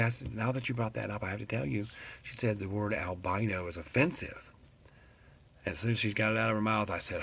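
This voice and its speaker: A middle-aged West Virginian man rants straight to his viewers in a casual vlog. His voice sits a little low and carries a gravelly rasp. He tells his story bluntly and with plenty of profanity. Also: quick pace, a bit bright. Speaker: vlogger.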